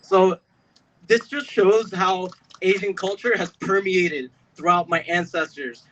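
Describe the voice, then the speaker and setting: Young man, rally speech, emotional, high bright voice, shouting outdoors. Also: steady tone, slow pace, highs cut off. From Pennsylvania. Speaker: protest speaker. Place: outdoor street protest.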